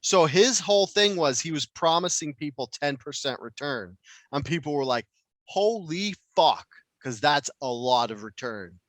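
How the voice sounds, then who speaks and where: Bright, brassy-voiced man chatting. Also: a little high, moderate pace, no room sound. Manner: rambling, frequently swearing. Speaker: podcast co-host. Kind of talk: casual podcast chat.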